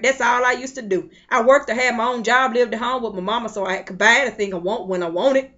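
A woman preaching a sermon with impassioned swells and soft drops, at times breaking into tongues. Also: fairly high pitch, fast, hardly any pauses, muffled recording. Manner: speaks in tongues between phrases.

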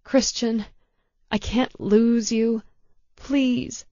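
A woman reading an audiobook voices a female detective, speaking softly and emotionally, close to tears. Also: on the high side, fairly even intonation, drawn-out words, no echo, dull audio, pitched above the performer's own voice. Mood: tender. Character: female detective, tender and frightened for her partner.

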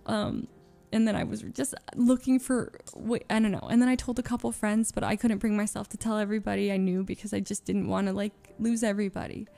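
A woman streamer making an emotional confession to her audience. She talks haltingly, restarting phrases and filling gaps with nervous little laughs. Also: medium pitch, level tone, gravelly, dark tone, soft background music. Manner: halting and searching, with many restarts and fillers.

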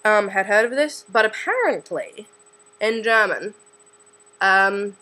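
Holding the camera herself, a late-teen student with an Australian accent chats in a scattered, self-deprecating vlog that rambles casually. She speaks slowly in a mid-range voice that is animated, bright and forceful, though the recording is rough.

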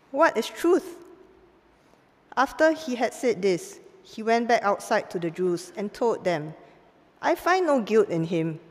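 A woman giving a formal Bible reading in a church service, measured and clear, lifting her voice for the quoted lines. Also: medium pitch. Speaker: scripture reader. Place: church sanctuary. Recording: long church hall reverb.

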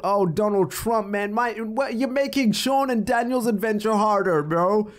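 A man doing let's play commentary, reacting out loud to a story game in excited, slangy chat. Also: high-pitched, moderate pace, few pauses. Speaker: gaming commentator.

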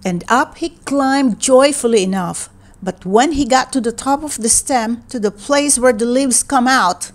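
Slow, gentle woman reading a storybook. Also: fairly high pitch. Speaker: read-aloud narrator.

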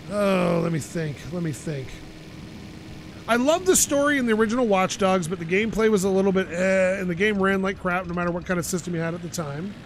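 High voiced gamer guy ranting casually over gameplay, faint car and game sounds behind. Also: a little hiss or hum. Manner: chatty, opinionated, ranting. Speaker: gaming channel host.

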